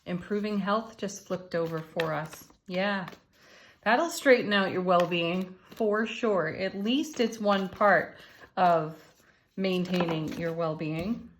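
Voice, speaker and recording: A woman giving a relaxed spiritual tarot reading, encouraging and gentle, with soft laughs and murmured asides. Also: on the low side, slow, slight background noise. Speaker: tarot card reader and channel host. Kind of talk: unscripted spiritual card reading.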